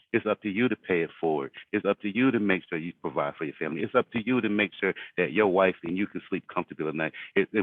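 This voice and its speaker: A very deep-voiced man gives a preachy motivational talk to a group. His voice comes through a tinny, phone-like call line, and the sound is dry with no room echo. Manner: preachy, repeats phrases for emphasis. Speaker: group leader. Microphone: video call.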